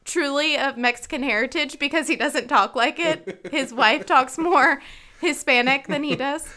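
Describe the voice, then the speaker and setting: A woman in her thirties from North Carolina, co-hosting a chat podcast and ranting in an animated, laughing way. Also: high-pitched, moderate pace. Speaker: podcast co-host. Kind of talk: casual chat.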